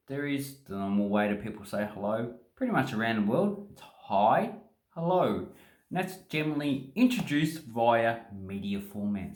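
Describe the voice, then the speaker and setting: An Australian man vlogging casually into a phone, joking and wandering into asides while he explains. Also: mid-range voice. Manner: chatty, joking, rambling asides. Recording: echoey room on phone.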